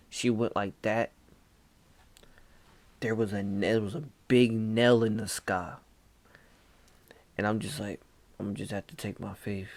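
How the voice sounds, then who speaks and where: A young man casually telling a spooky dream story, acting out lines with sudden whispers and shouts and calling the listener "bro". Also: fairly low pitch, vocal fry. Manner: slow, dramatic, acts out quoted lines with whispers and shouts.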